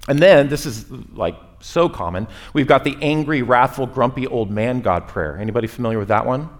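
A man preaching a sermon to his church in a conversational way, rising and falling in pitch and loudness as he makes his points. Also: lively intonation, moderate pace. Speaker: pastor. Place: church sanctuary.

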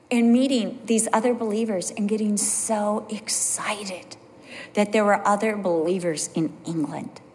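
A woman Bible teacher preaches with real animation, and her voice swoops up high whenever she acts out what someone says. Her voice sits a little higher than most women's. The recording rings with the long reverb of a large hall. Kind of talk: sermon.

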